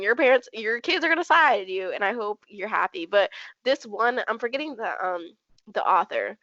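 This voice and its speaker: A woman co-hosting a podcast in casual chat, talking quickly and animatedly with frequent fillers. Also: medium pitch, lively intonation, sharp tone, dry recording. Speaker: podcast co-host. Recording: dull dry lo-fi sound.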